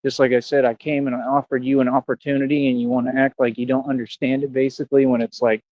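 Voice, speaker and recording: A man's voice: medium pitch, little pitch movement, quick pace, dry recording. Confrontational guy ranting at his chat, slangy and cocky, kinda muffled lo-fi stream audio. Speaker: livestreamer. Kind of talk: casual livestream rant to chat.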